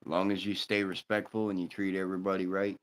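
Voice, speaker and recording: A man's voice: low voice, little pitch movement, fast talker. A man hosting a casual live stream, telling crude jokes and greeting people in the chat.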